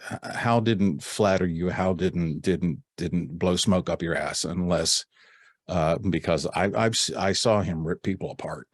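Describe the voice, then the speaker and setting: A middle-aged man with a very low, deep voice tells backstage stories in a loose interview chat. He rambles and restarts often, and laughs between thoughts. The sound is dry and close, with no room around him. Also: measured pace, slightly rough, no echo. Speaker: guest actor and narrator. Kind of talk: casual interview storytelling.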